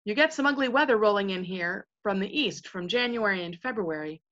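A woman reading as a plain-spoken old sailor, bright and lo-fi. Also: medium pitch, animated, brisk, lightly acted. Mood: respectful. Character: old male sailor, blunt weather-wise seaman.

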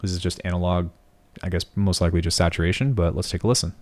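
A man's voice: sits low, steady tone, fast, a little hiss or hum. A young man teaching sound design in a screen-recorded tutorial, thinking aloud and often correcting himself. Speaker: music production tutor.

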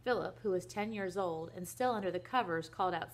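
A young woman reading a children's book aloud in a soft, gentle voice that at times drops almost to a whisper. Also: fairly low pitch, brisk, few pauses. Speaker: reader to children.

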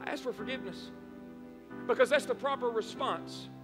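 A man's voice: extremely high pitch, moderate pace, over music. Male pastor mid-sermon, emphatic and repetitive; long church reverb behind him. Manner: emphatic preaching, repeats phrases for emphasis. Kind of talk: live-streamed sermon. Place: church sanctuary.

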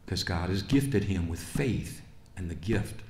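A male pastor preaching a sermon in a church, moving from quiet asides to fervent, rising preaching. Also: sits low, animated, measured pace. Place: church sanctuary. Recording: roomy church reverb.

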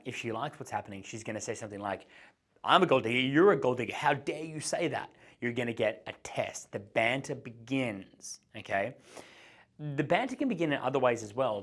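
A man's voice: mid-range voice, a bit bright. Guy coaching on camera, explains stuff, keeps changing pace and voice to act out examples. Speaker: dating coach. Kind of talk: instructional talk to camera.

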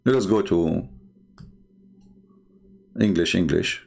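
Argumentative man with a gravelly voice. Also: low-pitched, darkish tone. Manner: argumentative, halting, many fillers and restarts. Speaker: religious commentator. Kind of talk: unscripted screen-share talk.

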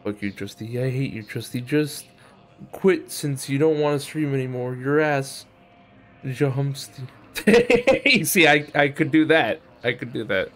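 A man's voice: medium pitch, measured pace, faint music behind. A young man streaming a video game, chatting casually with profane jokes and frequent laughter. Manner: profane, joking, laughs often. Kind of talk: casual live gameplay commentary.

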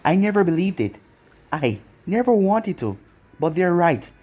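A reader voicing a desperate young female ninja medic in a fan fiction story, pleading and crying out in a husky voice. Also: medium pitch, big pitch swings, a little slow, warm tone. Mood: defiant.

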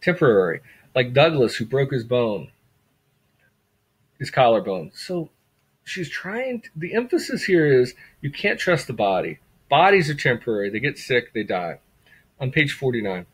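A man's voice: medium pitch, big pitch swings, moderate pace, fairly bright tone, breathy edge, poor audio. A man lecturing a class in a conversational way, often repeating words for emphasis and asking rhetorical questions. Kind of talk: classroom lecture on a graphic novel.

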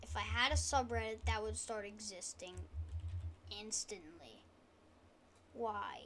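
A woman gaming YouTuber giving casual, rambling gameplay commentary, talking quietly and poking fun at herself, at a desk mic at home. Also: mid-range voice, expressive, slow, slight background noise. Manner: rambling, self-deprecating, trying to talk quietly.

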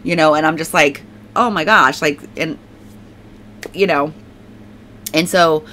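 Bright-voiced middle-aged woman rambling emotionally. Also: low-pitched, flat delivery, takes it slowly, a little hiss or hum. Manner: rambling, emotional, many restarts and fillers. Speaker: testimony speaker. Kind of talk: personal faith testimony.

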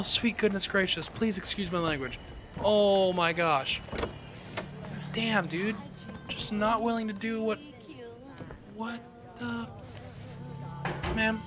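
A man playing a horror game on his channel, jumpy and profane, yelling whenever he gets scared. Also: sits high. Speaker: gaming video host.

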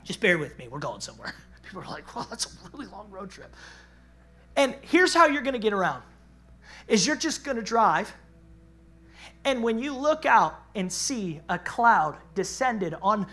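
A male pastor preaching an animated, conversational sermon, acting out voices and laughing along the way. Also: high-pitched, unhurried, long pauses, faint music behind. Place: church.

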